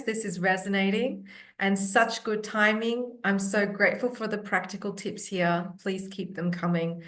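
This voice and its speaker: Woman host wrapping up a webinar over a video call, mid-range voice, halting. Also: mid-range voice. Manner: warm thanks, hesitant with many ums. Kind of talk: moderating a webinar.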